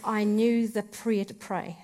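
A woman giving a personal faith testimony in an earnest, heartfelt way, speaking in short, halting phrases. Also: mid-range voice, level tone, warm tone.

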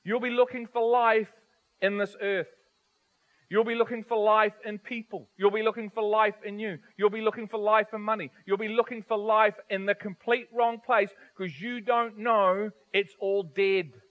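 Male preacher, high-pitched, animated sermon delivery full of rhetorical questions. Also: moderate pace, narrow, tinny audio. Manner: animated, rhetorical questions, varies volume widely.

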